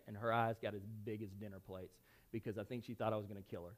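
A man preaching a sermon, telling a personal story conversationally, with self-deprecating asides and lively acted-out dialogue. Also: on the low side, fast. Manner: animated, acts out dialogue in shifting voices. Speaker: pastor.

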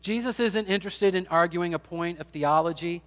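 A man's voice: sits high, moderate pace, fairly bright tone, big-room sound, soft background music. A man preaching a sermon, retelling a scripture passage and acting out the people in it. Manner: acts out quoted speech of biblical figures in paraphrase. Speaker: pastor.

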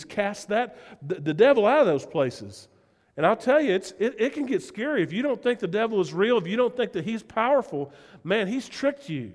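A man's voice: sits high, big-room sound. Man, Southern US accent, pastor, conversational sermon, earnest, emphatic, direct questions to listeners. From Southern United States.

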